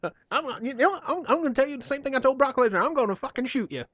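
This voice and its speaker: A man's voice: very high-pitched, animated, quick pace, a bit bright, no room sound, voice pushed up, heavily acted. A man doing an impression of an irate older male wrestling manager in screaming, cursing tirades. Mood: ranting. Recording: dull lo-fi, dry.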